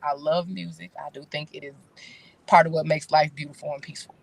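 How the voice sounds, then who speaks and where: A woman's voice: deep voice, level tone, a little fast, creaky, no echo. A woman in her thirties, a talk show guest, speaking candidly in casual chat with blunt, slangy phrasing. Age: 30s.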